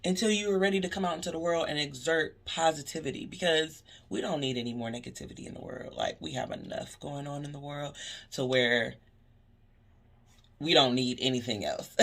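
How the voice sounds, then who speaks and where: A woman who works as a cashier, talking in a casual vlog, telling animated stories about customers and preaching positivity. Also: deep voice, normal speed. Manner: animated storytelling, acting out customer exchanges.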